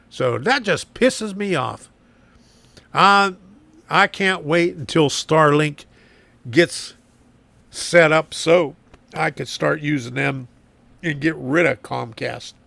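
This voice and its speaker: A man hosting a live stream from his garage, rambling and complaining, repeating himself, slightly hoarse and clearing his throat. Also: a little high, fairly bright tone, no echo. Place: home garage workshop.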